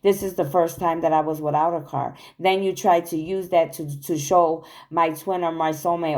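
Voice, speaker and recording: A woman's voice: sits low, fairly even intonation, normal speed, few pauses. A woman giving an earnest, accusatory spiritual monologue to her viewers, recorded on a phone. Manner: earnest, accusatory, repetitive declarations. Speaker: spiritual channel host.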